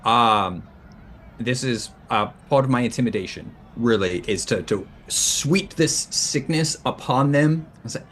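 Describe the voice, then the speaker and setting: Halting male tabletop game player. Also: mid-range voice, animated, a bit bright, slight background noise. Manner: halting, many restarts. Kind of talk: casual tabletop game talk.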